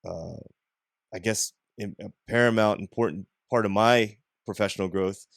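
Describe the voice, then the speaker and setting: Man, podcast host, low smooth voice, dry close sound, relaxed chat. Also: normal speed, no echo. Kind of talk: casual conversation.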